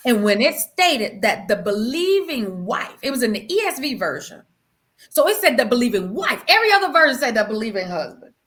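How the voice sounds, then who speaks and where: A woman guest telling the story of her marriage with animation and feeling, calling her listener "girl" and dropping to hushed tones at solemn moments. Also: on the high side, very animated, fairly quick. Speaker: guest sharing her testimony. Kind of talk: emotional personal storytelling.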